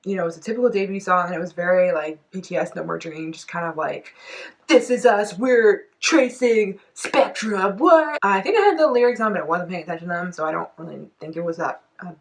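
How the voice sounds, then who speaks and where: A young woman chatting casually about a music video, gushing with lots of fillers, giggling and breaking into high excited squeals. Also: very fast, vocal fry, few pauses. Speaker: K-pop reaction vlogger. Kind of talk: excited reaction commentary.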